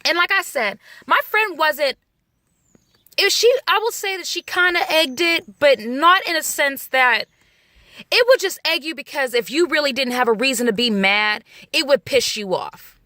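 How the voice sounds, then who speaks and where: High, bright-voiced mother on a blunt rant. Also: lively intonation, moderate pace, dry recording, clean studio sound. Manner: blunt, profane, emphatic. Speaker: vlogger, mother. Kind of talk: profane rant to camera.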